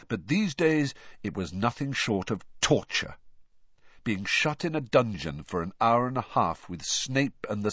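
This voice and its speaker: Lively low-voiced male storyteller. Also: slightly rough, dry recording. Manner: expressive, animated storytelling. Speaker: audiobook narrator. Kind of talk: scripted narration. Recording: dull dry lo-fi audio.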